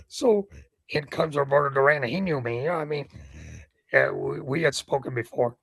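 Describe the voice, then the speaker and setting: An older man from Cuba, a ring announcer, telling animated anecdotes in an interview. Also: a little high, moderate pace, vocal fry, dry recording. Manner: animated anecdotes with acted quotes. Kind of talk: storytelling in an interview.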